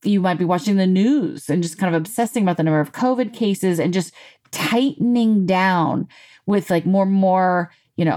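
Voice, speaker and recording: A woman giving a casual motivational talk in a lively, conversational way, full of "you know" and "like". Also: on the low side, moderate pace. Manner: animated, conversational, acts out quotes; frequent fillers like "you know" and "like". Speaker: self-help speaker.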